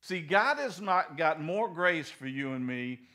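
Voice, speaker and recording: High, bright-voiced folksy preacher man. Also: measured pace. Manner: folksy, animated preaching with sudden loud bursts and soft drops. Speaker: pastor. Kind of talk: sermon.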